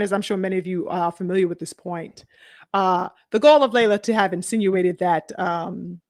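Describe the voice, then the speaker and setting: A man's voice: sits high, no room sound, clean studio sound. A man hosting a commentary channel, talking casually and profanely to his viewers about boxing drama. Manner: animated, profane, addresses viewers.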